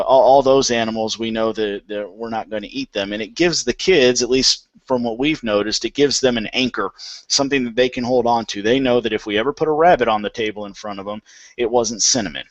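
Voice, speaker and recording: A man's voice: lowish voice, dry recording, low-quality recording. A man hosting a casual panel chat, talking in a folksy, conversational way with lots of restarts. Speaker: homesteading panel host.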